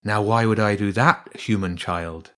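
A man voicing an aloof male cormorant with a smooth voice, speaking slowly and dryly. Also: fairly low pitch, steady tone, fairly bright tone. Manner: slow, dry, sarcastic.

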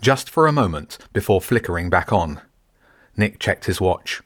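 Deep-voiced man narrating a story. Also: dry recording, clean studio sound. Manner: steady, measured storytelling. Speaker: audiobook narrator. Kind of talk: scripted narration.

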